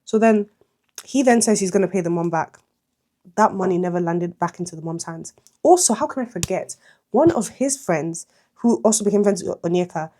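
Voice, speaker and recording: A young woman vlogger chatting through a storytime retelling while doing her makeup, animated and exclamatory. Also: medium pitch. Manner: animated, exclamatory, slangy commentary. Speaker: beauty vlogger.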